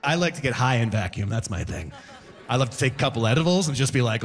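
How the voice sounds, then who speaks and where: A man doing a stand-up set on stage before a live audience, animated, breaking into shouted voices and sound effects. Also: mid-range voice, quick pace. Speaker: stand-up comedian.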